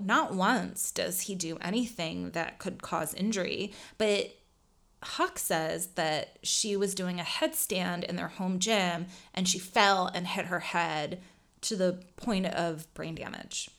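A woman's voice: on the low side, slow, creaky, fairly bright tone. A woman in her thirties co-hosting a podcast, telling a true-crime story in a chatty, casual way with lots of fillers. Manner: chatty, lots of "like", laughs often. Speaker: podcast co-host.

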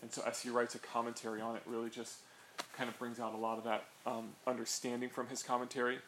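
A Bible teacher leads an informal study for a small group in a room, talking fast and chattily with many "right?" asides. His medium-pitched voice is monotone. The room echoes, with faint background noise.

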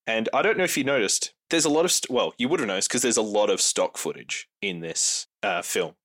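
A man hosting a podcast, recapping a film plot in casual, wry chat. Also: brisk. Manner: wry, joking recaps with lively pitch. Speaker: podcast host. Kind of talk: casual movie review chat.

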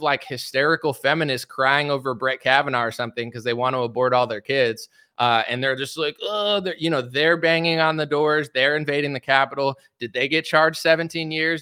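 A young man hosts his own podcast and rants in heated, sarcastic commentary, mocking the people he argues against. His voice sits a little high and comes across bright and forceful. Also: clear, resonant tone. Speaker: podcast host. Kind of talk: ranting political commentary.

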